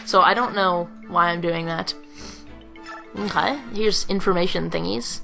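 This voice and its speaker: A woman's voice: lowish voice, a little slow, creaky, sharp tone, soft background music, rough recording. A young woman giving casual, chatty, self-mocking let's play commentary.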